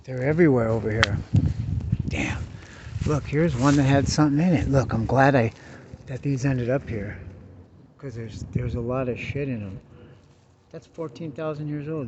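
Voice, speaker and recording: A man's voice: mid-range voice, moderate pace, long pauses. A man vlogging outdoors on a hillside, talking in laid-back stoner slang, swearing and saying dude a lot. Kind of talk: casual outdoor vlog. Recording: dull lo-fi sound with background noise.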